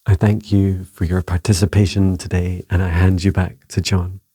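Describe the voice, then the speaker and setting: A man channeling a serene earth spirit, speaking slowly and solemnly as in an invocation. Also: low-pitched, level tone, mellow, breathy edge.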